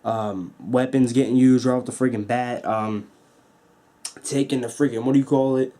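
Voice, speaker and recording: A man's voice: medium pitch, normal speed. A young man reviewing a wrestling show at home into his camera, swearing freely and acting out the moves with sound effects. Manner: excited, profane, acts out moves with sound effects. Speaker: wrestling vlogger. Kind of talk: casual review rant. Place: at home at a table.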